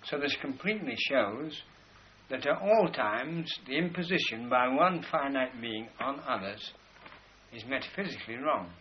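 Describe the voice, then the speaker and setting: A man giving a spoken lecture in a measured, explanatory way, slowing down to stress key words as he points to drawings. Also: mid-range voice, lively intonation, muffled recording, slight background noise.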